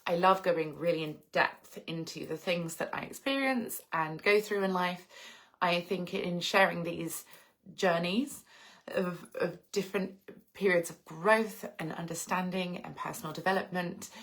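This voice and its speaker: A woman's voice: lowish voice, measured pace, a bit bright. A woman in her late thirties from England, hosting a casual livestream, reflecting at length and answering viewer comments. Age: 30s. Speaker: livestream host.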